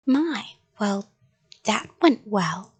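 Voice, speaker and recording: A woman's voice: medium pitch, lively intonation, very slow, breathy edge, heavily acted. A woman voicing an exasperated mother who scolds her young daughter firmly in a storybook reading. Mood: scolding. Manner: firm and scolding.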